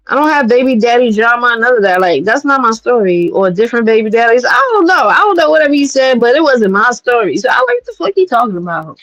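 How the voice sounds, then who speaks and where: A woman's voice: a little high, a bit bright, no echo, highs cut off. Blunt, profane woman from New York. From New York City. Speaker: streamer host. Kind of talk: casual commentary livestream.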